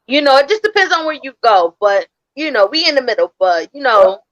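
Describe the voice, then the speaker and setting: A woman's voice: sits high, very animated, fairly quick, fairly bright tone, dry recording, dull audio. A woman from Connecticut co-hosting a podcast, easygoing and explaining things with repeated phrases. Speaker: podcast co-host. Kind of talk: casual chat.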